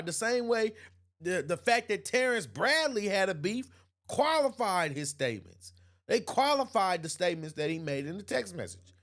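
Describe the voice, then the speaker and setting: Emphatic man, fairly high voice. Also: a bit bright. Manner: emphatic, repeats himself, laughs often. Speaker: host. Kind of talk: opinion livestream reading chat comments.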